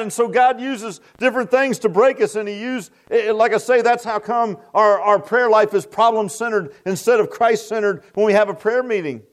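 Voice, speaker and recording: A man's voice: normal speed, few pauses. Folksy preacher man. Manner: folksy, emphatic, dramatic swings in pitch. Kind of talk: sermon.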